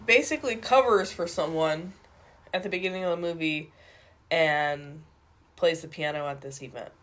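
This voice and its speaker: Stuffy sick co-host, mid-pitched, chatty plot recap. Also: normal speed, fairly bright tone. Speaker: podcast co-host. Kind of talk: casual movie review chat.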